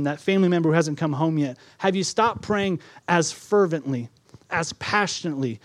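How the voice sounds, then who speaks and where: A male pastor delivering a sermon, repeating phrases, building emphasis and then dropping to a quiet, close voice. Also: on the high side, dry recording. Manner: preaching with repetition, rising to emphatic then dropping soft.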